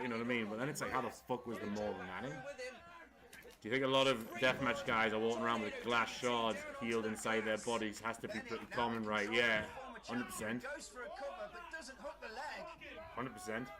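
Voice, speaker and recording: A man's voice: lowish voice, steady tone, a little fast. A man hosting a casual watchalong stream, rambling and swearing freely. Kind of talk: casual chat. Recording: wrestling crowd noise behind.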